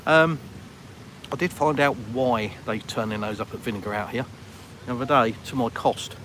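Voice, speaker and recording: A man's voice: mid-range voice, normal speed, a bit bright, a little hiss or hum. Chatty British man on a street walk. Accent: British English. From Britain. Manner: chatty, self-deprecating, rambling asides. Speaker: vlogger. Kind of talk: casual walking vlog, chatting to live viewers. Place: outdoors on a town street with traffic.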